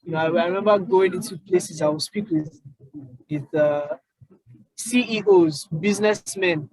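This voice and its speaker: High-voiced young Nigerian man. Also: a little mellow, breathy edge, dry recording, poor audio. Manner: storytelling, halting with many fillers and restarts. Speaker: guest. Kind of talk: casual interview chat.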